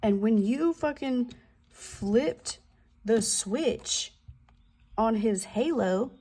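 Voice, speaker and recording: A woman's voice: a little high, lively intonation, drawn-out words, warm tone. A woman giving a casual tarot reading, loose and profane, with slangy asides and the odd drop into a whisper. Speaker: tarot reader.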